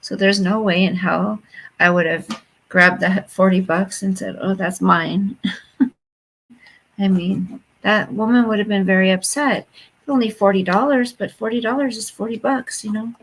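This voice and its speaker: A woman in her fifties talks to her viewers in a loose, gossipy chat, speaking bluntly about whatever comes to mind. Her voice sits at an ordinary pitch with a gravelly, fry-laden edge. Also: steady tone, measured pace, poor audio. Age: 50s. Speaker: vlogger.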